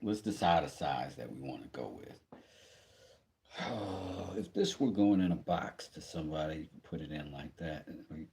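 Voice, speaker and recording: A man's voice: very deep voice, lively intonation, moderate pace, vocal fry, darkish tone, a little hiss or hum. A man chatting casually on a livestream as he does woodworking, joking and greeting viewers. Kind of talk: casual livestream chat while working. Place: workshop.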